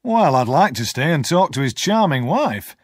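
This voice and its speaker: A brisk army sergeant gives his orders crisply, his voice lifted a little above the narration, as a male reader plays him. The sound is close and dry, and his phrases carry a lively rise and fall. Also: fairly high pitch, no room sound, voice pushed up. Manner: brisk, sharp.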